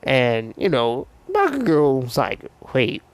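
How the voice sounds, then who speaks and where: A man's voice: mid-range voice, measured pace, no echo. A man casually retelling a fan story, rambling with slang and lots of fillers.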